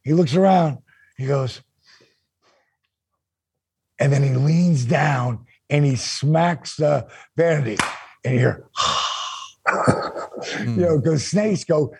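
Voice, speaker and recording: A man with a raspy, gravelly voice telling an animated story in casual chat, acting out the quotes. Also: very slow, pauses often. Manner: animated, acts out quotes with big pitch jumps. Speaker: guest storyteller.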